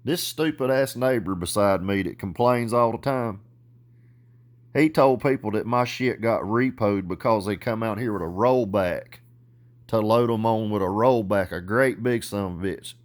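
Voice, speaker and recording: A man with a Southern US accent ranting in a vlog, boastful and profane, growing loud and worked up. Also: lowish voice, normal speed. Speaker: vlogger.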